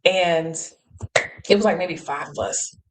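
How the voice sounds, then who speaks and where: A woman's voice: lowish voice, measured pace, poor audio. A woman hosting a live show, telling a personal story in a casual motivational way, laughing often and acting out what people said. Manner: animated, laughs often, acts out quotes. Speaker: host.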